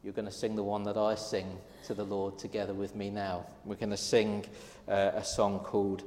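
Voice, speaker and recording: A man's voice: lowish voice, completely flat delivery, moderate pace, a little mellow, a little hiss or hum. A man preaching a sermon, earnest and storytelling, acting out little exchanges as he goes. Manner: earnest, storytelling with quoted dialogue. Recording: echoey hall with long reverb.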